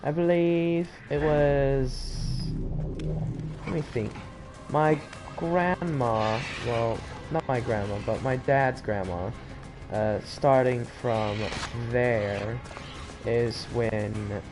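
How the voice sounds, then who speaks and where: A man's voice: mid-range voice, steady tone, extremely slow. An American man hosting a gaming channel, chatting casually and rambling as he plays. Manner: rambling, chatty, self-interrupting. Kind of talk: casual let's-play commentary. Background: game music.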